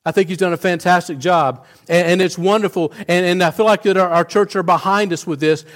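A man's voice: high-pitched, steady tone, brisk, a bit bright. A middle-aged male pastor preaching a sermon, earnest, often restarting and repeating words as he tells a story.

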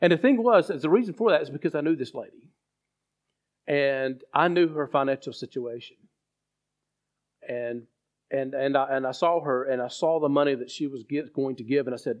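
A man's voice: medium pitch, highs cut off. A man preaching a sermon as pastor, telling a story with frequent restarts. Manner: halting storyteller with many restarts.

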